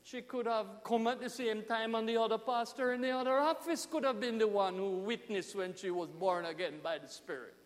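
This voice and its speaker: A man with a Jamaican accent, a pastor telling a story in an animated sermon with emphatic swings in loudness. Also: sits high, moderate pace, few pauses, big-room sound.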